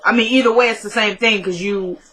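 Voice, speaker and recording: A woman with a bright, forward voice recaps a TV episode in a loose, chatty way. She is opinionated and keeps breaking off into quick asides and jokes, as if talking straight to her regular viewers. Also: mid-range voice, fairly even intonation, rough recording. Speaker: TV episode reviewer. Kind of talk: casual episode recap with commentary.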